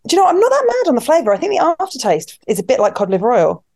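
A woman's voice: high-pitched, wildly swooping pitch, very fast, gravelly, a little mellow. A woman co-hosting a casual chat podcast, giggly and storytelling. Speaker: podcast co-host.

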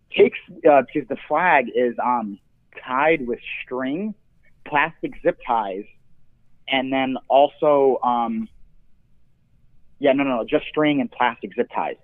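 A young man calling in to a talk show, telling a story in a casual, animated way with swearing and laughs. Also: medium pitch, unhurried. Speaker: caller. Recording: tinny phone line.

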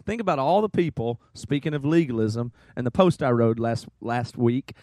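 A man co-hosting a casual podcast, talking through his views in a measured way. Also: medium pitch, darkish tone, dry recording, clean studio sound. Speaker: podcast co-host. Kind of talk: casual chat.

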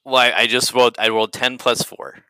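A man's voice: medium pitch, little pitch movement, brisk, bright, forceful tone, clear, resonant tone, dry recording, low-quality recording. A man playing a tabletop game, laughing often as he describes his character's actions. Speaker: player.

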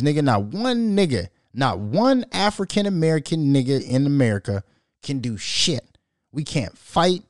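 A man hosting a podcast, ranting loudly and profanely in casual commentary, mocking and joking as he goes. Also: fairly high pitch, dry recording, studio quality. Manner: profane, loud, mocking, animated. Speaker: podcast host.

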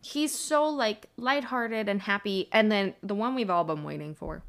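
A woman's voice: medium pitch, moderate pace, hardly any pauses, fairly bright tone. Chatty young woman podcaster. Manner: chatty, many "like"s, laughs while retelling scenes. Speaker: podcast co-host. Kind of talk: casual book discussion.

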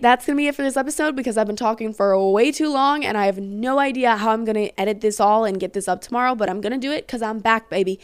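A woman's voice: mid-range voice, clean tone, no room sound. A young woman hosting her own podcast, rambling and chatty, swearing freely, a bit out of breath and tired. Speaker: podcast host. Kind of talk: casual solo podcast chat.

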